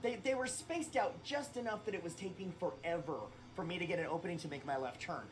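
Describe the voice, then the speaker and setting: A man's voice: high voice, fast, a little hiss or hum. Swearing male game streamer. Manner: loud swearing outbursts, rambling. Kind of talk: casual game livestream commentary.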